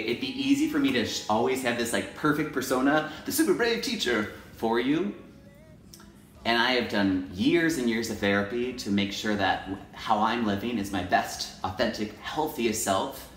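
A man teacher talking in a personal confessional vlog, very expressive, jumping into high voices to act out his own thoughts and going soft and gentle for self-affirmations. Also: reverberant. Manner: expressive, jumps into high acted inner voices; ends softly with self-affirmations. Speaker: teacher and video blogger.

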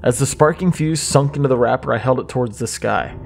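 A man narrating a horror story in a measured, suspenseful way. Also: medium pitch, creaky, slight background noise. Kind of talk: scripted creepypasta narration.

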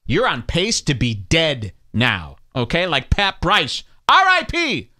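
A man's voice: fairly high pitch, wildly swooping pitch, slow pace, bright, forceful tone. A man hosting a podcast, ranting sarcastically and hurling insults while commenting on clips. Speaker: podcast host.

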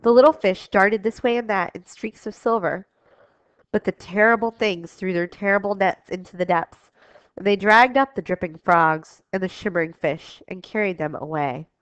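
A woman's voice: mid-range voice, normal speed, no echo. A woman teacher reading a storybook aloud expressively, then giving class instructions. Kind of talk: storybook read-aloud lesson. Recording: dull dry lo-fi recording.

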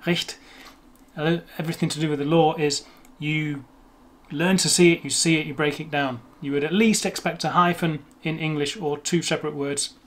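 A young man hosting a language video, talking casually and self-deprecatingly, slowing down to demonstrate words. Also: fairly high pitch, steady tone, fairly bright tone. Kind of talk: casual explanatory talk on pronunciation.

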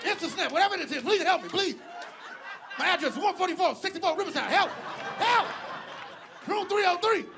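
A man voicing a sick old grandfather who shouts and pleads for help from a bathtub, in noisy live audio. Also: very high voice, lively intonation, a little fast, long pauses, a crowd in the background, voice pushed up. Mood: pleading shouts.

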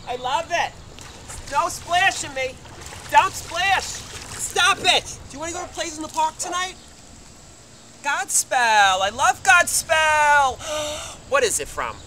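A man's voice: very high voice, lively intonation, slow, pauses often, bright, forceful tone, a little hiss or hum, full character voice. A man playing a brash, gossipy middle-aged mother who chatters on and snaps at others. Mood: chatty. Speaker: comic actor. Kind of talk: comedy sketch acting.

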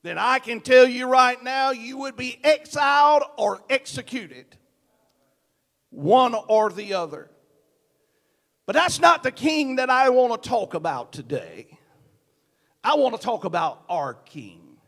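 A high-voiced man with a Southern US accent preaches from the pulpit, taking his time. His voice climbs from hushed prayer to ringing shouts, and the church's long reverb trails behind each phrase. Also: lively intonation, takes it slowly, gravelly, pauses often. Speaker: pastor. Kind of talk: sermon. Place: church sanctuary.

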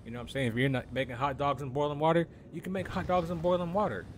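A man's voice: a little high, steady tone, quick pace, slight background noise. A young man ranting casually on a game live stream, incredulous and profane, calling everyone "bro".

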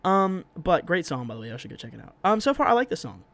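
A man's voice: high-pitched, big pitch swings, fast talker, gravelly, a bit bright. A man hosting a music reaction video, joking, swearing and laughing often in casual chat.

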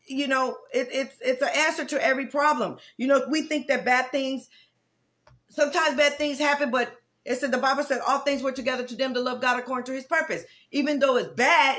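High-voiced woman pastor, fervent preaching. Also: fairly bright tone. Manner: fervent, repetitive preaching with conversational asides. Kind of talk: prayer meeting sermon.

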